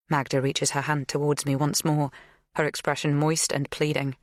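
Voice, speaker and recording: A woman narrating an audiobook thriller in a measured, even scripted delivery. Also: sits low, no room sound, clean studio sound.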